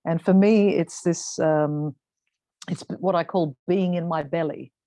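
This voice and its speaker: A woman's voice: lowish voice, steady tone, measured pace, mellow, dry recording. Tired woman musing on a dry call. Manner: reflective, searches for words. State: tired, yawning. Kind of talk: casual sharing in a group call.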